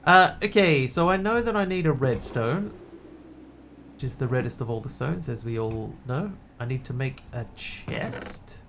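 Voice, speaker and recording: A man's voice: mid-range voice, animated, a little slow, background noise. A man streaming a game, chatting casually in a rambling, wry way. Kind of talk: casual gameplay chat.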